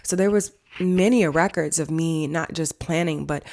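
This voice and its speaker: With a low, slightly mellow voice, some vocal fry, and a normal speaking speed, a woman chats through a personal story on her casual vlog. She's a vlog host and family counselor, and she acts out what each person said.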